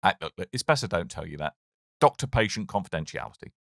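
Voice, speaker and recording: A man's voice: low-pitched, sing-song, quick pace, gravelly, a bit bright, no room sound, studio quality. A man co-hosting a podcast, giving a playful, theatrical comedy intro. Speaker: podcast co-host. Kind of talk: comedic show intro in role-play.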